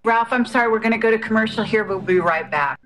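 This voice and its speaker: A woman's voice: on the high side, quick pace, over loud music, poor audio. Chatty female radio host. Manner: chatty, apologetic, steering the guest back on track. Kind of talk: live radio interview.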